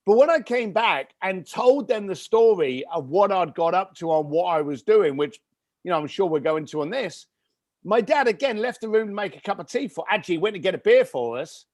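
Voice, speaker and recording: A man with a high, light speaking voice tells a story with real energy, acting out his family's lines as he goes. The sound is close and dry, with no room in it. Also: brisk, dry recording. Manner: animated storyteller who acts out family dialogue. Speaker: podcast guest. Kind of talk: storytelling interview.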